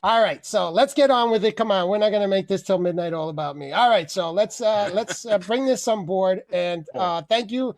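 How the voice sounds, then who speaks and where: Guy with a kinda high voice hosting an open mic on a video call, rambling and laughing, swears a lot. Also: normal speed, few pauses, a little hiss or hum. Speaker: host of an online open mic show. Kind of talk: casual comedic rant.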